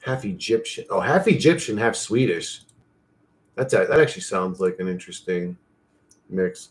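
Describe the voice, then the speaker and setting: A man's voice: low-pitched, expressive, normal speed, slight background noise. Rambling, foul-mouthed guy chatting casually. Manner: loose, profane, talks to himself while clicking through an image generator. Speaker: channel host.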